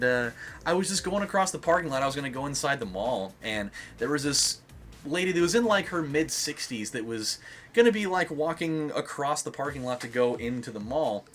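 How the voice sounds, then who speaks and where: A man's voice: medium pitch, a bit bright. A young man giving casual gameplay commentary as a let's play host, rambling with lots of fillers and swearing.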